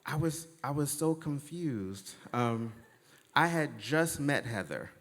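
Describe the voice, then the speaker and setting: A man telling a true comic story on stage with a wry, deadpan delivery. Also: mid-range voice, slow pace, big-room sound. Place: stage in a hall before an audience.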